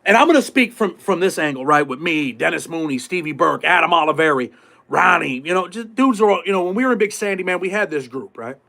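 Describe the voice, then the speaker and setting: A man with a high-pitched voice talks casually on his live stream. His speech is streetwise and full of swearing. He acts out the voices of people from prison life as he goes. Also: animated, fast, creaky, pushed and bright. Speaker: podcast host.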